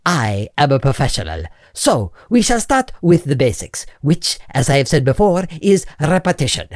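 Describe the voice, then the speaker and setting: A man's voice: fairly high pitch, very animated, moderate pace, no echo, clean studio sound. A man voicing a pompous, stiffly formal memory coach in a comedy sketch, speaking precisely without contractions. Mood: prim.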